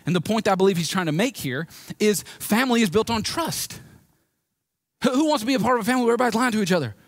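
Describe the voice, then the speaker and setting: A man with a Southern US accent preaching a sermon as pastor, swinging between loud emphasis and quiet, low moments. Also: lively intonation, very fast, no echo, clean studio sound.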